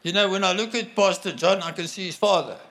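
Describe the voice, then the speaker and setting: A man preaching a sermon in an earnest, conversational way, often pausing and restarting his sentences. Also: high-pitched, vocal fry, fairly bright tone. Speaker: guest preacher.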